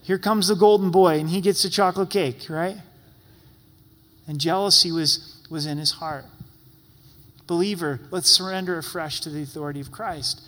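A man's voice: a little high, steady tone, normal speed, pauses often, pushed and bright, big-room sound. A man preaching a sermon as pastor in a church sanctuary, talking in an earnest, pleading, conversational way.

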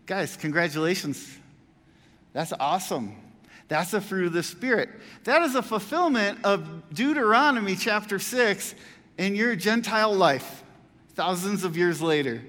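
Animated man preaching, reverberant. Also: a little high. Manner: animated, conversational, swings between loud emphasis and quiet asides. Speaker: pastor. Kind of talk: casual video sermon.

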